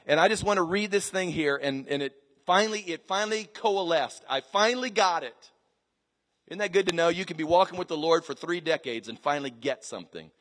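In a large church hall with a live congregation, a middle-aged male pastor with a high voice gives an expressive, fairly quick sermon. He swings between quiet asides and shouted scripture, and a long reverb hangs after each phrase.

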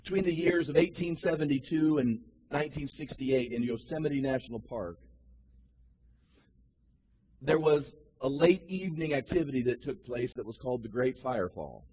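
A male pastor preaching a sermon, dropping low and quiet to tell a story, then rising to loud, high cries. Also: normal speed, husky.

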